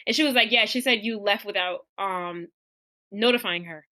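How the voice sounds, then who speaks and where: A woman's voice: fairly high pitch, fairly quick, pushed and bright, no room sound. A young woman co-hosting a podcast, telling a work story in casual chat and swearing freely. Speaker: podcast co-host.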